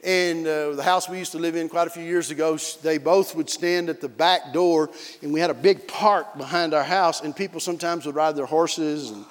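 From the pulpit, a high-voiced pastor preaches at normal speed, telling stories animatedly and breaking into barking imitations. The long reverb of a large church hall surrounds the sound.

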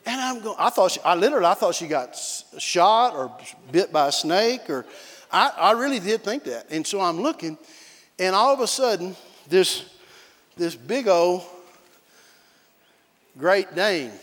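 A man with a high voice delivers a sermon from the pulpit. He tells stories in an animated way and breaks into barking imitations. The sound carries the long reverb of a large church hall. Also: measured pace, pauses often. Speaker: pastor.

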